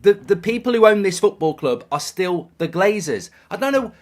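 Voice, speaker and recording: A man's voice: high-pitched, animated, moderate pace. A man ranting in an opinion monologue, exasperated and sarcastic, repeating words as he gets worked up. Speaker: football fan commentator.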